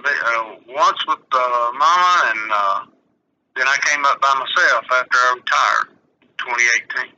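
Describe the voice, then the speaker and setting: An older man with a Southern US accent, chatting slowly and agreeably as a guest on his daughter's podcast. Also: medium pitch, sharp tone, dull audio. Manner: slow, easygoing, agreeable. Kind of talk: casual chat.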